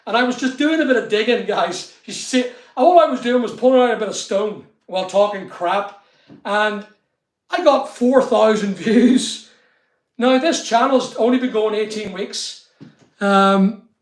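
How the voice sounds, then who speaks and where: A man's voice: high voice, measured pace. A middle-aged man, chatting casually on a live stream and greeting viewers by name. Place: studio room being built. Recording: echoey unfinished room.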